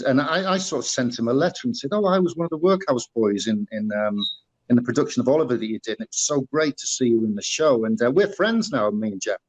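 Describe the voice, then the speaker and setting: A man's voice: medium pitch, low-quality recording. A middle-aged man from the northeast of England with a Teesside accent, telling stories as an interview guest, full of fillers and restarts. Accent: Northeast English (Teesside). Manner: rambling, many fillers and restarts. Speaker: guest, former musical performer. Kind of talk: casual interview storytelling.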